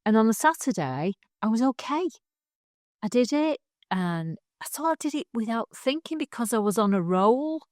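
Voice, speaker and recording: A middle-aged woman, co-hosting a casual chat, animated and quick to laugh. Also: fairly high pitch, no room sound, clean studio sound. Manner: chatty, laughs often, animated storytelling. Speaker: podcast co-host.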